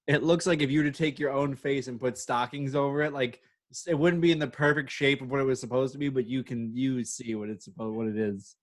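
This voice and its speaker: Teasing male comedian, mid-pitched. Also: fairly even intonation, fairly quick. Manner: teasing, laughs often. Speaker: comedian and podcast co-host. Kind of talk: casual podcast chat. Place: room at home.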